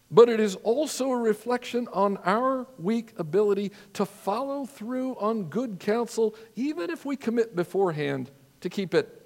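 A man preaching a sermon as a pastor, earnest and measured, telling stories with drama. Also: high voice, big-room sound.

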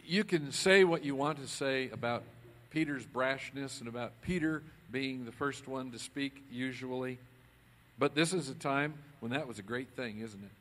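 A man preaching a conversational sermon as a pastor, swinging between loud emphasis and quiet asides. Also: mid-range voice, normal speed.

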